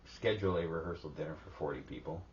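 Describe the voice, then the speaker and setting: A man's voice: extremely low pitch, fast talker, lo-fi sound, a little hiss or hum. A middle-aged man co-hosting a podcast, laid-back and chiming in with short reactions and jokes. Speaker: podcast co-host. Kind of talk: casual chat.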